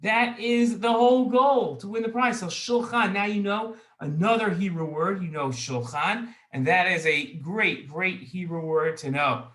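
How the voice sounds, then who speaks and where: A man's voice: high-pitched, measured pace, hardly any pauses, fairly bright tone. A man hosting a children's show in an upbeat, chatty, playful way. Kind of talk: kids' show presenting. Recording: echoey room.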